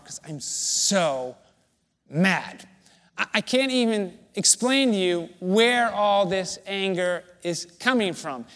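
Pastor telling a story in a reverberant hall. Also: male voice, high voice, fairly bright tone. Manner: conversational storytelling, self-deprecating. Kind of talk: sermon.

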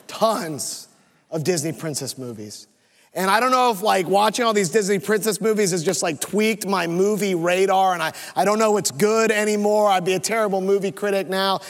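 High-voiced pastor preaching in a reverberant hall. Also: male voice, normal speed. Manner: emotional, earnest storytelling. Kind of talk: sermon. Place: church sanctuary. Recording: long reverb of a church hall.

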